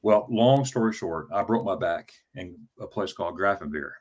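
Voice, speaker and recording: Fifties male, lowish pitch, casual storyteller, stammers and repeats words. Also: expressive, moderate pace. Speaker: travel vlogger telling his story as an interview guest.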